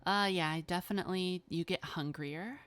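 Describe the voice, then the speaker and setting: A woman narrating a tabletop role-playing game as game master, in a relaxed, unhurried way. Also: on the low side. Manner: relaxed, unhurried, frequent uh fillers.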